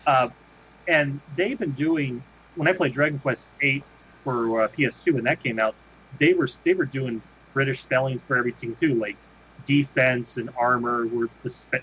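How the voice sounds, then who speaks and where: A man co-hosting a podcast talks in a medium pitch at normal speed with a sharp tone, rambling casually with lots of restarts. The recording has a dull lo-fi quality and faint noise.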